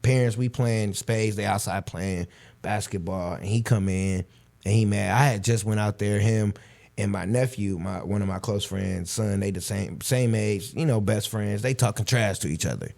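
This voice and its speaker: Male host, 30s, animated storyteller in casual interview. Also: on the low side, moderate pace, vocal fry. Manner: animated storytelling, acts out quoted voices. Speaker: podcast host.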